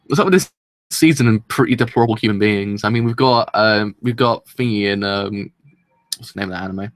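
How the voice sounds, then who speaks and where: A man's voice: on the low side, brisk, dry recording. A man hosting a live anime reaction, talking in a rambling, chatty and self-deprecating way and laughing often.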